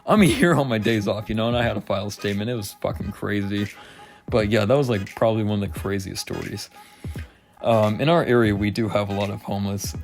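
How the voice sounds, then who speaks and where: A man's voice: lowish voice, fast talker, soft background music. Rambling, profane young man. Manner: rambling, profane, laughing, slightly slurred. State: not sober. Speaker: vlogger. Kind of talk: casual storytelling rant.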